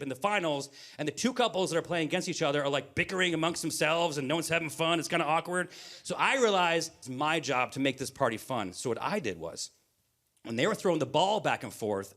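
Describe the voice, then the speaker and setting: A man in his forties doing stand-up storytelling on a live stage, animated and breaking into loud acted bits. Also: fairly high pitch. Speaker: stand-up comedian.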